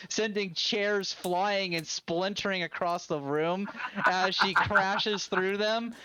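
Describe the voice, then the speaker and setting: A game master describing a fantasy scene at an unhurried pace. The narration circles back and rephrases as it goes, in an easy, loose way. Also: medium pitch, fairly even intonation, sharp tone, clear, resonant tone. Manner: narrates with many fillers and restarts.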